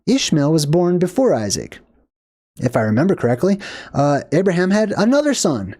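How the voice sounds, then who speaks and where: Animated ranting movie commentator. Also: medium pitch, normal speed. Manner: ranting, emphatic, laughing asides. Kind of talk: casual video commentary.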